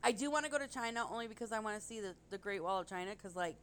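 A woman's voice: mid-range voice, lively intonation, racing, fairly bright tone, clear, resonant tone. A woman co-hosting a casual podcast chat, rambling and gushing, with casual swearing. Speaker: podcast co-host.

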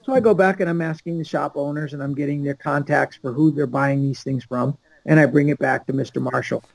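On a podcast, an older guest from Los Angeles tells a long story and imitates the people involved. He speaks fairly quickly in a steady, gravelly voice of fairly high pitch, in a low-quality recording with no echo.

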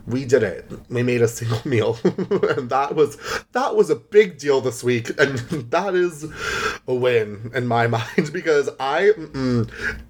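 A young man talking on his own podcast, loose and rambling, full of "like" and side remarks. His voice sits at an ordinary middle pitch, and now and then he sounds close to tears. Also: a little hiss or hum. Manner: chatty, rambling, heavy use of "like". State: emotional, near tears. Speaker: podcast host. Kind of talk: casual solo podcast chat.

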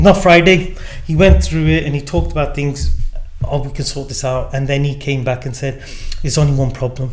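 A man, a gin distillery founder, telling a lively story in conversation and acting out the dialogue. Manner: acts out quoted dialogue with changing pitch. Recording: echoey room.

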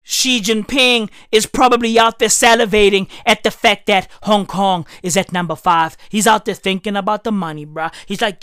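A woman's voice: mid-range voice, moderate pace, few pauses, a bit bright, clear, resonant tone, no echo, studio quality. A woman doing a profane comedic rant, heavy on slang, riffing and swearing constantly. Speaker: comedic commentator.

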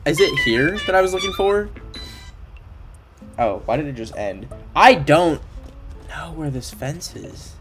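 A man's voice: a little high, expressive, unhurried, pauses often, a bit bright. A young man from Canada chatting casually while playing a video game on a livestream, playful and full of fillers, sometimes singing along in nonsense syllables. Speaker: streamer. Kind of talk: casual livestream gameplay chat. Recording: faint background game music.

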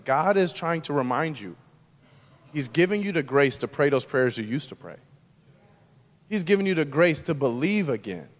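A man pastor preaching a sermon, moving between loud, emphatic lines and hushed, quiet ones. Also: a little high, big-room sound.

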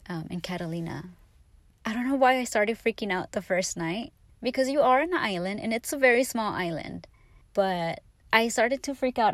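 A woman hosting her own podcast in a casual, confessional monologue. She rambles candidly and emotionally, with plenty of "like" and "you know". Her voice sits at a mid pitch and is recorded close and dry. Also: gravelly, no room sound. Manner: grows animated and anxious in later stretch. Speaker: podcast host.

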